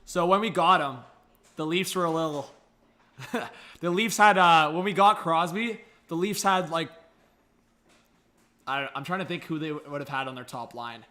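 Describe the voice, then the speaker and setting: A young man hosting a live hockey reaction stream, chatty and excitable, thanking viewers and coaxing his dog. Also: on the high side, moderate pace, pauses often. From Canada. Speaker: livestream host.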